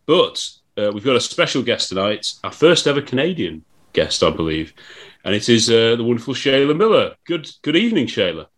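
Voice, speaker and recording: A man's voice: medium pitch, very animated, fairly quick. Chatty man hosting a podcast. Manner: chatty, with frequent restarts. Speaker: podcast host. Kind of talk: casual podcast chat.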